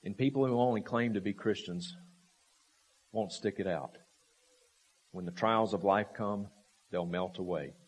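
A man preaching a sermon, emphatic and full of rhetorical questions, repeating key phrases and swinging from raised, forceful lines to low, quiet ones. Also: unhurried, long pauses, slightly rough.

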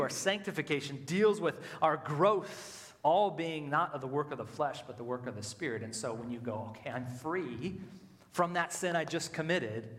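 High-voiced man preaching in a reverberant hall. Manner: animated, rising and dropping with emphasis, voicing inner thoughts. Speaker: pastor. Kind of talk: sermon. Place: church sanctuary.

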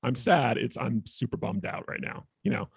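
A man's voice: medium pitch, expressive, moderate pace, gravelly, slightly rough, no echo, clean studio sound. A man co-hosting a podcast as a therapist, explaining ideas in a thoughtful, casual way with many fillers. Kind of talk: casual conversation.

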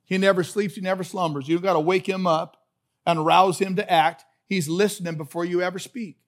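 A male pastor preaching a sermon, animated and joking, moving between quiet remarks and loud hollering. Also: sits high, fairly quick.

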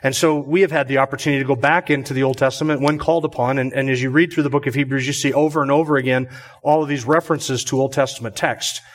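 A man preaching a measured expository sermon as pastor. He repeats phrases for emphasis and lifts his voice on key words. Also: mid-range voice, a bit bright.

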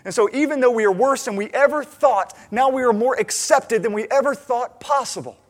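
A man with a very high voice preaches at a fairly quick clip. He's a pastor whose sermon is full of animated stories, complete with the characters' lines acted out.

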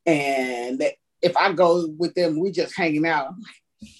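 A woman's voice: low voice, unhurried. A woman in casual chat, outspoken and emphatic.

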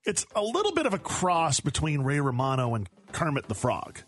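A man's voice: fairly high pitch, huge pitch swings, normal speed, soft background music. A man hosting a radio morning show, chatting in a playful, self-deprecating way. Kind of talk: casual chat.

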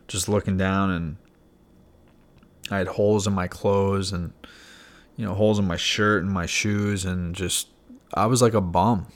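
A young man with a low-pitched voice recounts his own past in a loose, candid podcast style. He talks frankly, leans on fillers and now and then swears casually. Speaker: podcast guest sharing his recovery story. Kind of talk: candid personal storytelling.

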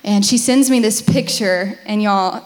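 A woman's voice: mid-range voice, unhurried, long reverb tail. A young woman sharing her side of a faith testimony, candid and humorous, telling it like a story. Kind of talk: personal testimony talk.

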